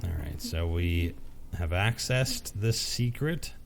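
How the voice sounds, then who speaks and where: Low-voiced man casually streaming a game. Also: lively intonation, slow pace, vocal fry. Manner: laid-back, swears freely. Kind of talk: casual gaming commentary.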